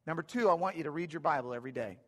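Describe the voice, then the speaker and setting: A man's voice: a little high, very fast, a bit bright, in a large hall. A man voicing a firm, sensible father laying out terms, inside a sermon story.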